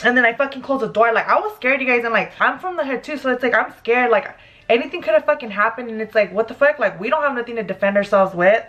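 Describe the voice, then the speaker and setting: Young woman, fairly high voice, casual makeup storytime, animated, profane, heavy filler words. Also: quick pace, dull audio. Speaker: beauty vlogger.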